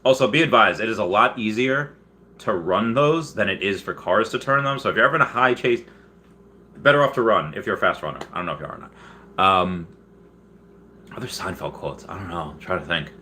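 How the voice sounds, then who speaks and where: A man's voice: fairly quick, a little hiss or hum. A man hosting a casual livestream, reading viewer comments aloud and rambling with frequent laughs and restarts. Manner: bursts into high, loud put-on voices when quoting. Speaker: livestream host.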